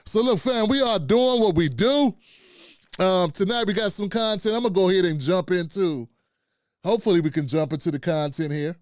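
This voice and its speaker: A middle-aged man hosts a casual live stream, calling out to viewers and talking to both the chat and his producer, often saying "man" and "fam." His voice sits high at a moderate pace, recorded cleanly in a studio with no echo.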